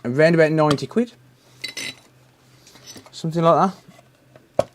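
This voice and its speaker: A man's voice: on the high side, measured pace, background noise. A British man hosting a repair live stream, chatting casually and answering viewer messages while he works. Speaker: repair livestream host.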